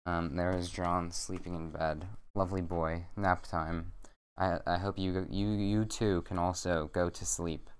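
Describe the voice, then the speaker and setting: A young man streaming from home at a desk mic, reading a bedtime story aloud with rambling, jokey deadpan asides. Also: low voice, measured pace, smooth.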